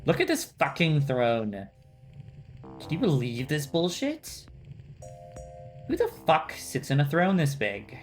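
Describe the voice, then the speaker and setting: A man voicing a petty, furious swamp queen who rants and swears, sounding high and loud. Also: wildly swooping pitch, slow pace, long pauses, soft background music, exaggerated voice. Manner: ranting, shrill outbursts, swearing.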